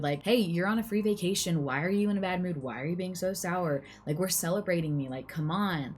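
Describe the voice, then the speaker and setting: A woman's voice: deep voice, a little hiss or hum. A young adult woman casually retelling a true crime case to her viewers, chatty and full of "like" and "you know" asides.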